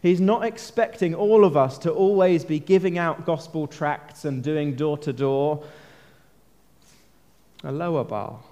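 Earnest preacher in a reverberant hall. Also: male voice, a little high, measured pace, hardly any pauses, mellow. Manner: earnest, conversational, asks questions of listeners. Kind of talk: sermon. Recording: long reverb of a large hall.

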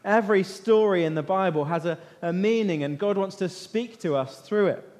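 Male preacher, high voice, lively interactive Bible storytelling, big echoing church hall. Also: moderate pace. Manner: lively, questions the listeners and waits for answers. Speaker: preacher leading a Bible talk. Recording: long reverb of a large hall.

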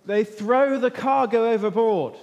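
A man teaching an interactive Bible lesson as an animated storyteller, asking his listeners questions. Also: very high-pitched, a little slow, lo-fi sound. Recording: long echo of a large hall.

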